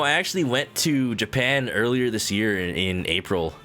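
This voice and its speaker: Lively, bright-voiced man streaming a game. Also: fairly low pitch, normal speed, soft background music. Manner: rambling, lots of "like" fillers. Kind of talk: casual chat while playing a game.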